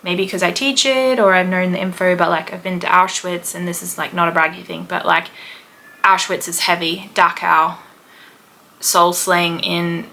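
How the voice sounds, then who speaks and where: A chatty Australian woman in her thirties rambles through a travel story, full of "like" and "um". Her voice is bright with a gravelly edge. A faint background hiss sits under the recording. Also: on the low side, steady tone, normal speed. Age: 30s. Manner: chatty and rambling, with many "like" and "um" fillers. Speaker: podcast host, history teacher. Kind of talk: casual chat, travel storytelling.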